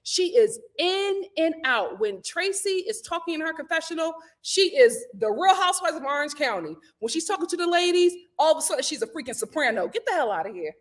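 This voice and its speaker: A woman's voice: high voice, sing-song, brisk, few pauses. A woman hosting a casual reality TV recap, talking in a sassy, slangy, opinionated way. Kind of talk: casual live recap chat.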